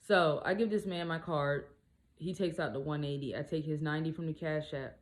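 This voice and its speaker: Brief: lower-voiced woman, casual storytime, blunt and animated delivery with cursing. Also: brisk. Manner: animated, blunt, swears freely. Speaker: single mom vlogger.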